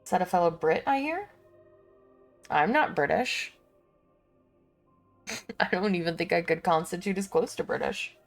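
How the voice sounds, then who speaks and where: A young woman streamer rambles through her online shopping, talking to herself and laughing easily. Her voice has a gravelly fry to it and swings widely in pitch as she goes. She talks slowly, with soft music underneath. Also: animated. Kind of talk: casual stream chat.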